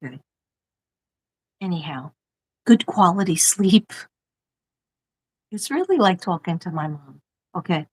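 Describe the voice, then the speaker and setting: A woman's voice: lowish voice, lively intonation, unhurried, long pauses, a little mellow, poor audio. A middle-aged woman from Staten Island with a New York accent, chatting casually on a livestream, rambling and laughing often. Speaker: livestream host, former teacher. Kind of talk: casual livestream chat reading mail.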